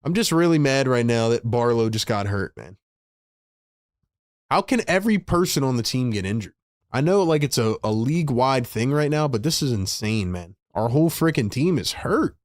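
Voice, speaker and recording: A man streaming live fan play-by-play, calling plays and reacting as a frustrated, excitable fan with casual slang. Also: medium pitch, normal speed, dry recording, clean studio sound. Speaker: livestream host doing fan play-by-play.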